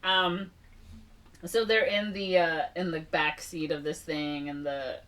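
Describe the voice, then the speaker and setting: A woman's voice: low-pitched, steady tone, slow, a bit bright, far from the mic. A young woman co-hosting a podcast, casually recapping a movie plot and acting out the characters' lines with lots of fillers. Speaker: podcast co-host.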